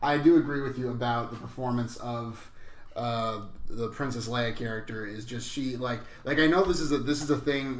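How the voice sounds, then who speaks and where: Dude chatting about a movie, lots of ums, kinda roomy echo. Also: male voice, medium pitch. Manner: hesitant, filler-heavy. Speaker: podcast co-host. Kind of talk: casual film discussion.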